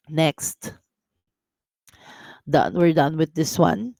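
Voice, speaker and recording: A woman with a Filipino accent teaching a casual language lesson, drilling words slowly and mixing English with Tagalog. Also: deep voice, expressive, a little mellow, no room sound. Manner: clears throat often.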